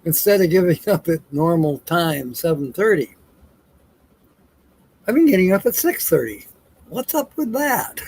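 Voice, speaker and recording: A man's voice: a little high, big pitch swings, normal speed, vocal fry, long pauses, darkish tone, no room sound, poor audio. A tired man hosting a casual livestream, telling jokes and reading viewer comments aloud with frequent chuckles. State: tired, yawning. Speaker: livestream host.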